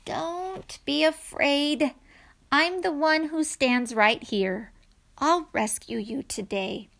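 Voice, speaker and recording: A woman voicing a calm, gentle male teacher in a children's storybook, speaking softly and reassuringly. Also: high-pitched, slow pace, full character voice. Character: gentle calm adult man, spiritual teacher.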